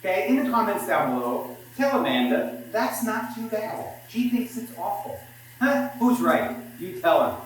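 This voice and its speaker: A man's voice: sits high, sing-song, moderate pace, slight background noise, low-quality recording. A man chatting casually to his viewers in an upbeat vlog while playing poker. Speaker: poker player and vlogger. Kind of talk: casual vlog chat to camera.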